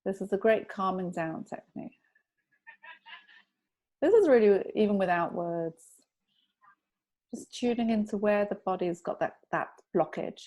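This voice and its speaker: A woman guest on a podcast, calmly explaining a self-help technique and telling anecdotes in an instructive way. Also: mid-range voice, unhurried, pauses often. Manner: calm, instructive, tells anecdotes. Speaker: EFT tapping practitioner, guest. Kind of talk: explaining in an interview.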